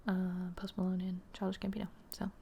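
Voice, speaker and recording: A woman's voice: lowish voice, monotone, fairly quick, warm tone, a little hiss or hum. A young woman in her twenties chatting through gameplay commentary, rambling with lots of fillers and sometimes dropping to a whisper. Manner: chatty and rambling, with frequent "like" and "um" and some laughter. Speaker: gaming channel host.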